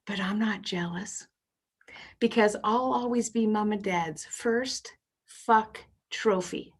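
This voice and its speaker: A woman's voice: medium pitch, takes it slowly. A woman in her fifties doing a stand-up routine, brash and self-deprecating with bawdy punchlines. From Canada. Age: 50s. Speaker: stand-up comedian.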